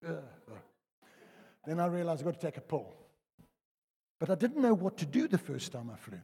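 An older South African man preaching a sermon, telling personal stories in a chatty way that swings between loud and hushed. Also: mid-range voice, fairly quick, creaky, pauses often, breathy edge. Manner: conversational storytelling, lively swings from loud to hushed. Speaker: pastor. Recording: reverberant church hall.

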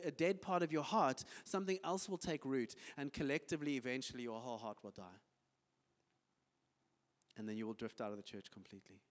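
A man with a South African accent preaching a sermon in a church, acting out little everyday conversations as he talks. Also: medium pitch. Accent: South African English. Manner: animated preaching, acts out little dialogues. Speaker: pastor. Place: church hall. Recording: church hall reverb.

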